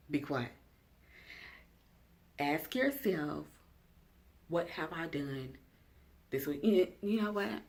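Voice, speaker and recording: A young adult woman vlogger talking straight to camera in a casual self-care check-in, chatty and direct, asking her viewers questions. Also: low voice.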